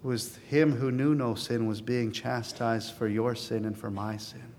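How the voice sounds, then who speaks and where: A man preaching a sermon as pastor, earnest, swelling to emphatic peaks and then dropping to a softer, confiding tone. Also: mid-range voice, steady tone, measured pace, big-room sound, a little hiss or hum.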